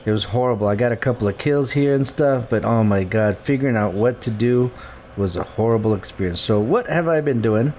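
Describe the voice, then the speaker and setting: A man's voice: medium pitch, fairly quick, darkish tone, a little hiss or hum. A man streaming a game live, chatting casually and thinking aloud as he sorts his gear and menus. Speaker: gaming streamer. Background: guitar music.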